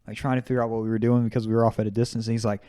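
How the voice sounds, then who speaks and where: A man's voice: fairly low pitch, level tone, racing, warm tone, no room sound, clean studio sound. Easygoing young man telling stories. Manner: easygoing anecdote teller. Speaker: podcast co-host. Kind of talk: casual storytelling.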